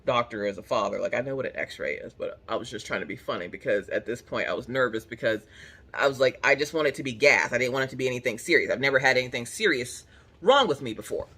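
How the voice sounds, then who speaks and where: A woman hosting a crafting channel, telling a story in a casual, animated and dramatic way, swearing freely. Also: extremely low pitch, fast, breathy edge.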